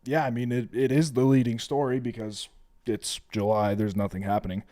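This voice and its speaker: A man co-hosting a casual sports betting podcast, relaxed and plain-spoken. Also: medium pitch, fairly quick. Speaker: podcast co-host.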